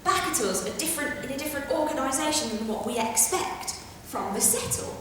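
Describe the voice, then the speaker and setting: A woman's voice: sits high, expressive, a bit bright, recorded from a distance, slight background noise. Chatty woman in an echoey hall. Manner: chatty, brash, quick asides. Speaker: stand-up science comedian. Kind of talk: stand-up comedy lecture. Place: theatre stage before a live audience. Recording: echoey hall recorded from afar.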